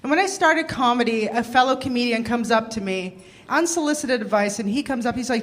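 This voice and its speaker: A woman's voice: a little high, fairly quick. A woman from Canada performing a stand-up comedy set on stage, brash and punchy, laughing between jokes. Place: comedy stage before an audience. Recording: live comedy club recording with background noise.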